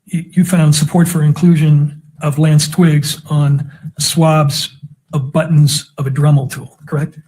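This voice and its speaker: A man's voice: on the high side, level tone, unhurried, mellow, slightly rough. A man cross-examining a witness in a courtroom with methodical, leading questions. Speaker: defense attorney.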